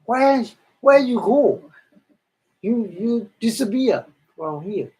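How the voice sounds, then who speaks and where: A man briefly voicing a curious celestial being who asks wondering questions in halting English. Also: very high voice, lively intonation, darkish tone, breathy edge, voice pushed up, exaggerated voice, low-quality recording. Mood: surprised.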